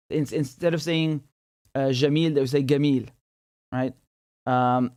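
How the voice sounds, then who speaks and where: A man's voice: mid-range voice, a little mellow, no room sound, studio quality. A man in a casual, rambling explainer who walks through a map with many fillers and self-corrections and chuckles now and then. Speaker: political commentator.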